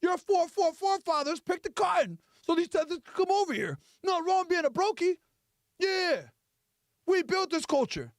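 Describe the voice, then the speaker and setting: A man's voice: very high voice, big pitch swings, moderate pace, no room sound, studio quality, voice pushed up, exaggerated voice. A man impersonating a preachy male livestream commentator with drawling reassurance.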